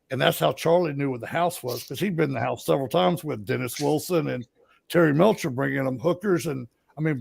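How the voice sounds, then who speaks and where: With a Southern accent, a middle-aged Alabama man rambles through ghost stories as a co-host, folksy and casual. His somewhat high voice is husky with vocal fry, recorded with no echo.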